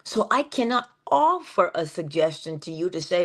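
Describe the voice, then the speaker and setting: A woman's voice: lowish voice, very animated. Woman giving a whispery motivational talk. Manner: shifts between full voice and soft unvoiced whisper; drawn-out, emphatic delivery with slowed phrases. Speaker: inspirational speaker.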